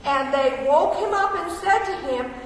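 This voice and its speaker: A woman's voice: very high voice, lively intonation, unhurried. A woman preaching a sermon in a conversational, questioning way, reading scripture aloud and asking the listeners questions. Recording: echoey hall, mic far off.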